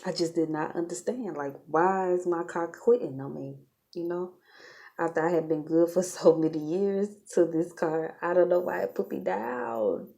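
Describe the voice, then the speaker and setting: A woman's voice: on the low side, moderate pace, gravelly, warm tone. A woman vlogging in a casual, chatty way, talking straight to her viewers and laughing often. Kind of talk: casual storytelling vlog.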